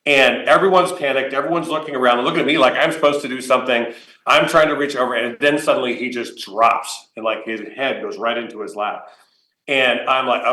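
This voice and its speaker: A man giving a conference keynote, telling a personal story in a lively, anecdotal way with fillers and laughs. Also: medium pitch. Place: conference hall. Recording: roomy conference hall.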